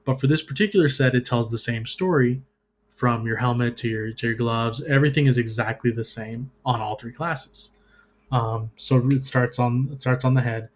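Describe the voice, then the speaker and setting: A man's voice: medium pitch, moderate pace, a little hiss or hum. Hesitant man recapping game lore. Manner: hesitant, many restarts and ums. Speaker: podcast co-host. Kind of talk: casual lore recap and reading.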